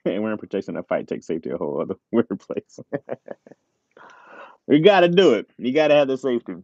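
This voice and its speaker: Talking through earbuds into a tablet mic, a man hosts a casual livestream, laughing a lot as he reads viewers' chat aloud. He has a fairly low, darkish voice with big pitch swings and a fast pace, and the recording sounds muffled with no echo.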